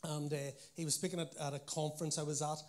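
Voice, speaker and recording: A man's voice: on the high side, flat delivery, quick pace. A man preaching a sermon, telling stories with animation and acting out what people said.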